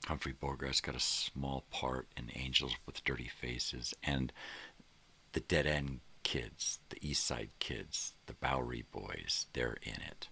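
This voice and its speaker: Older man, gravelly bright voice, rambling morning-show host, trails off. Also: very deep voice, steady tone, takes it slowly, slight background noise. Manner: rambling, trailing off, many fillers. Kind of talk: casual rambling monologue.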